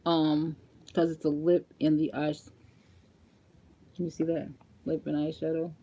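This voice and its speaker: A young woman chatting casually in a makeup vlog, animated and laughing often as she talks straight to her viewers. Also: deep voice, measured pace. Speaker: beauty vlogger.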